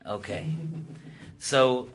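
A man's voice: mid-range voice, animated, extremely slow, a little hiss or hum. A man, a rabbi, giving a Torah class. He explains Hebrew texts in English, his voice rises when he quotes them, and he thinks aloud with many restarts.

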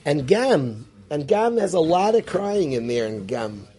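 Rebbe guy teaching torah, warm mellow voice, kinda high, asks lots of questions. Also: unhurried. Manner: animated, rhetorical questions, Yiddish-Hebrew terms. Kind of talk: Torah class.

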